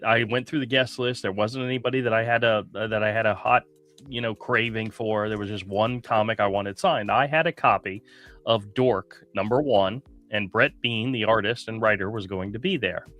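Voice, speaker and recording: A man hosting a casual talk show, telling a long story in an animated, indignant way. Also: mid-range voice. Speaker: podcast host. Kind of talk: casual chat.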